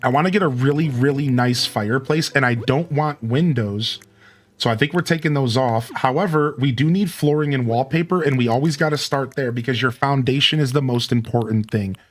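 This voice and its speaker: A man's voice: medium pitch, fairly quick, faint music behind. Upbeat man thinking aloud while gaming. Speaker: streamer. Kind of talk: let's play commentary.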